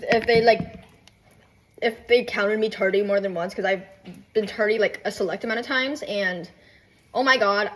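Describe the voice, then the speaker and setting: A woman's voice: mid-range voice, fairly bright tone. A young woman ranting casually while cooking at home, rambling with lots of fillers, asides and swearing. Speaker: vlogger. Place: home kitchen.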